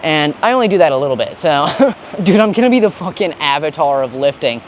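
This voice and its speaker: A young man talks a gym vlog in a voice pitched a little high, ranting with sarcastic jokes and dropping swear words. Faint noise hums behind him. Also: expressive, fairly quick. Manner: joking, ranting, profane slang. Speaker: fitness vlogger. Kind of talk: casual gym vlog rant.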